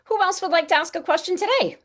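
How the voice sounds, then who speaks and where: A woman's voice: very high voice, quick pace, fairly bright tone. A woman speaking coach leading an online workshop in an upbeat, encouraging, chatty way over a video call.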